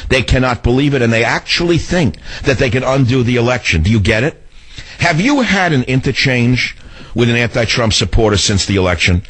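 Husky, lively combative radio host man. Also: mid-range voice, brisk. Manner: combative, indignant storytelling with mocking asides. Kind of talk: talk radio monologue.

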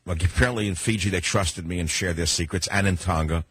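Older male talk radio host, thick New York accent, very low husky voice, opinionated and digressive, dry studio sound. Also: quick pace, fairly bright tone, no echo. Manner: rambling, combative, digressive.

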